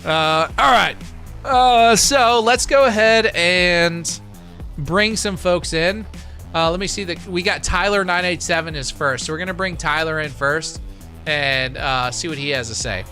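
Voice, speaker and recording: Guy hosting a live stream, bright forward voice, chill rambly chatter, faint music behind. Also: on the high side, measured pace. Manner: easygoing, rambling, lots of fillers and laughs. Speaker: livestream host. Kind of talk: casual live-stream chat.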